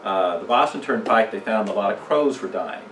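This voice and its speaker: A man's voice: fairly low pitch, animated, moderate pace, fairly bright tone, a little hiss or hum. A man teaching a church communication seminar in a conversational way, putting questions to the audience and telling jokes. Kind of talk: casual church seminar talk. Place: church room. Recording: echoey room, mic from a distance.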